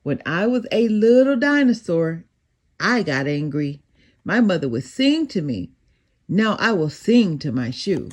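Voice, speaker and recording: A woman voicing an eager, fussy male dinosaur detective in a storybook, speaking in excited exclamations. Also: fairly low pitch, measured pace.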